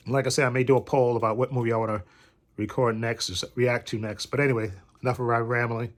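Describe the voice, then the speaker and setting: A man's voice: medium pitch, level tone, fast. Male vlogger with a cold, rambling casual talk from bed, keeps circling back. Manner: rambling, repeats "like I said". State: recovering from a cold.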